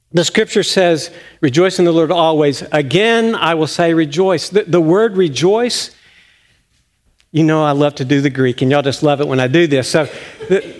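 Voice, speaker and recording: An older man, a retiring pastor preaching a folksy, storytelling sermon in a church sanctuary. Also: on the high side.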